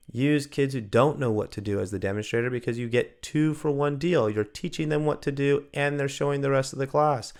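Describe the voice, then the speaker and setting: A man training new gymnastics coaches in a loose, chatty way. His voice has a gravelly edge, and he keeps jumping into little acted-out bits of what he'd say to kids. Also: medium pitch, brisk, hardly any pauses. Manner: animated, acts out quoted lines. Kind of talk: casual training talk.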